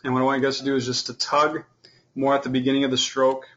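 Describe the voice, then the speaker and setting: Relaxed man teaching a fiddle class. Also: medium pitch, fast, highs cut off. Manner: relaxed, explanatory, many fillers. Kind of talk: online class instruction.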